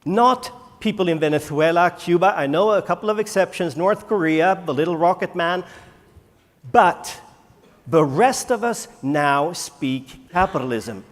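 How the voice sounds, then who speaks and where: A man, a native Swedish speaker, giving a conference keynote and firing rhetorical questions at the audience with dramatic pauses. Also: high voice, expressive. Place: large conference hall. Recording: echoey conference hall.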